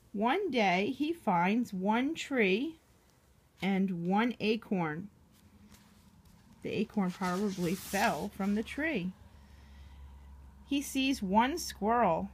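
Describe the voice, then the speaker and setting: A woman reading a picture book aloud to a young child, gently asking the child questions as she goes. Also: fairly high pitch, breathy edge.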